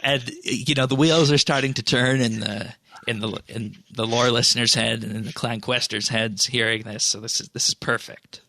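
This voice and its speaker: A man hosting a podcast, reading listener questions aloud and reacting with upbeat interest. His voice is gravelly with a bright, forward edge. The recording is dry and close. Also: medium pitch, steady tone, moderate pace, hardly any pauses, no echo. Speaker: podcast host.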